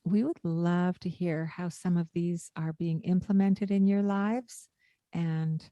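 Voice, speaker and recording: A woman's voice: lowish voice, steady tone, slow, no room sound, muffled recording. A woman co-hosting a parenting podcast, coaching in a casual chat and acting out what to say to a child. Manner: warm, coaching tone with acted-out lines to a child.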